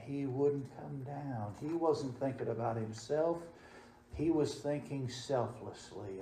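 A male pastor delivers his sermon, his middle-pitched voice surging to loud emphasis and then dropping to a hush. The sound carries the roomy echo of a church sanctuary. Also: a little hiss or hum. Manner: swings between loud emphatic and soft hushed delivery.

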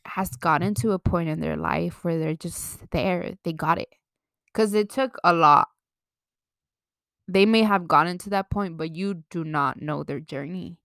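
Young woman vlogging, chatty and blunt, lowish voice, dry close sound, cusses a lot. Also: fairly bright tone, no room sound. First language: bilingual, slips into Mexican Spanish. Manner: chatty, frank, swears freely, laughs at herself. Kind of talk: casual advice talk to camera.

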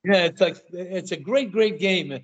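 A fairly high-voiced older man spins stories in a loose, conversational way. He trips over his words and repeats himself as he goes. The sound is dull and lo-fi. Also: unhurried. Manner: stammers and repeats words, animated anecdotes. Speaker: guest. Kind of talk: casual interview storytelling.

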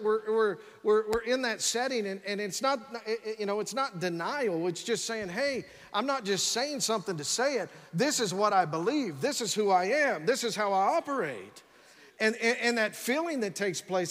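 A pastor preaching, his voice notably high for a man, with a long echo from a large church sanctuary. He talks with energy, keeps urging the crowd on and stumbles over repeated words as he pushes ahead. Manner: energetic preaching with frequent "come on" and repeated restarts. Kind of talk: sermon.

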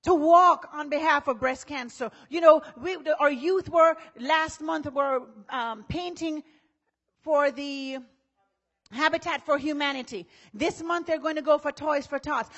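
Woman pastor preaching, high voice, chatty, acts out folks talking, builds up loud. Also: unhurried. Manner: preaching, acts out what people say in conversational voices, rises to shouting. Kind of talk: sermon.

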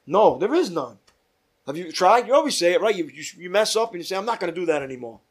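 A man leading a Bible study as pastor, reading scripture aloud with emphatic rises and dropping to quiet asides. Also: sits high, big pitch swings, quick pace, breathy edge.

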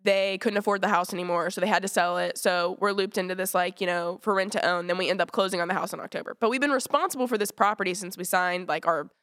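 A woman's voice: on the low side, fairly even intonation, quick pace, few pauses, a bit bright, no room sound. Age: adult. Sex: woman. Role: podcast host. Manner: rambling, loose, swears freely, dry close sound. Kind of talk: casual podcast chat.

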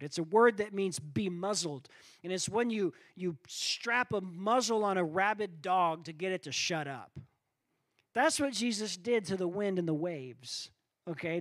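A man preaching a sermon, telling stories with animated quoted voices and asking the crowd if they're with him. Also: high voice, no echo. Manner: animated storytelling, acting out quoted voices, asks the crowd for responses.

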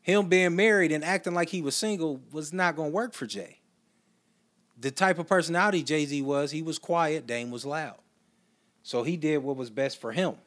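A man's voice: on the high side, a bit bright. A man hosting a casual solo podcast, telling stories in a loose, chatty way with slang and asides. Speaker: podcast host.

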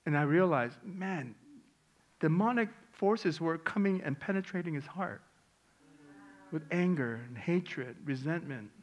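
A middle-aged male pastor preaching a sermon, telling a personal story with strong swings from hushed, quiet lines to loud, emotional ones. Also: fairly high pitch, lively intonation, measured pace, lo-fi sound.

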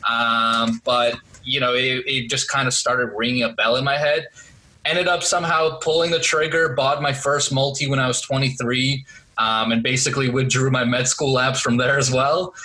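A man speaking as a guest on a podcast interview over a remote call, telling his story in a relaxed way with many fillers. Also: mid-range voice, moderate pace, rough recording. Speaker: podcast guest, real estate investor. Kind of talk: casual interview chat. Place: Boston area.

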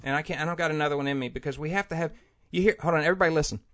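A man's voice: on the high side, rapid-fire, fairly bright tone. A man hosting a podcast in casual chat, grumbling and rambling with many restarts, recorded on a studio mic in a small room. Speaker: podcast host. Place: small room with the air conditioner off. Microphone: headphones and studio mic.

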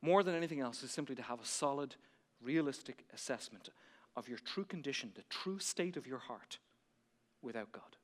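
A male pastor preaching a sermon to his church, building to near shouting and then dropping to soft, intense passages. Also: medium pitch, expressive, moderate pace, in a large hall.

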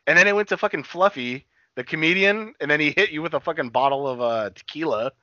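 A man co-hosting a casual chat, retelling things in a rambling, profane, animated way. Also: fairly high pitch, quick pace, no echo, lo-fi sound. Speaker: podcast co-host.

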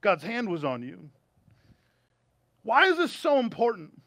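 A man's voice: high voice, wildly swooping pitch, a little slow, fairly bright tone, no room sound. A male American pastor preaching a sermon in a conversational way, with humorous asides, during a streamed church service. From United States.

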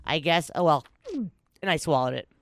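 A woman hosting a podcast, telling stories in casual chat with a lot of swearing, big swings in pitch and frequent laughter. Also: moderate pace, no room sound, studio quality. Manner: storytelling, reads news aloud with commentary. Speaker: podcast host.

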